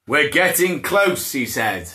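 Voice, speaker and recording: Reading a bedtime story on a live stream for little kids, this man speaks slowly in a higher, sing-song voice that sounds pushed and bright. He plays it up with laughs and silly character voices, recorded through a phone or camera.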